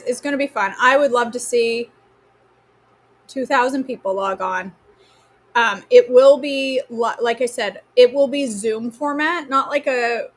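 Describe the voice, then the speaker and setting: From her home kitchen, a woman with a Maine accent hosts a live cooking stream, chatting in a casual, teasing way and answering viewers by name while she cooks. Her voice sits on the high side.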